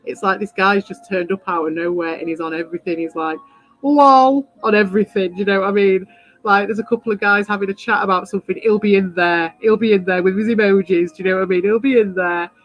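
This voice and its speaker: Woman, game streamer, rambling casual chat, swears a lot, mid-pitched voice, faint music behind. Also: steady tone, fast talker, muffled recording. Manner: rambling, swears freely, gets worked up. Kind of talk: casual live-stream chat while playing.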